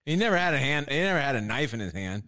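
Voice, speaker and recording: A man's voice: medium pitch, big pitch swings, very fast, pushed and bright, dry recording. A man as a guest in a casual comedic chat, dry and teasing. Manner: dry, teasing, does joke voices.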